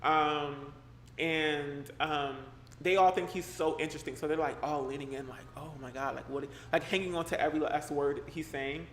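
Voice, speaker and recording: Reading a horror story on a live stream, this young man speaks at a normal pace in a voice on the high side. He keeps stopping to joke with viewers in loose slang, sounding lively; there's roomy echo and slight background noise.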